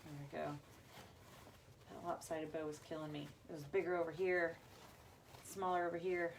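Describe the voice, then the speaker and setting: A woman's voice: deep voice, flat delivery, normal speed, pauses often, a little hiss or hum. A woman hosting a live craft demo from home, chatting to viewers as she works. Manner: chatty, talks to viewers as y'all. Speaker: craft livestream host.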